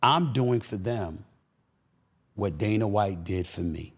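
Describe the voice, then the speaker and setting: Animated, emphatic man swinging his pitch. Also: slow, husky. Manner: animated, emphatic storyteller who repeats phrases for punch. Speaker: podcast guest. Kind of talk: casual interview talk.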